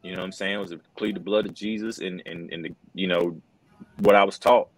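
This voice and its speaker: This low-voiced, middle-aged wrestling commentator talks briskly with fairly even intonation over a rough recording. Telling a story in a relaxed interview, he stays sincere and easygoing, frequently dropping "bro" and "man."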